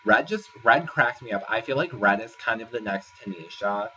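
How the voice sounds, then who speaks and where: Rambling man recapping, bright and distant. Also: on the low side, expressive, normal speed, slight background noise. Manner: rambling, filler-heavy retelling. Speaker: reality show reviewer. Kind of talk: casual vlog recap. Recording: distant, dull lo-fi sound with faint ambience.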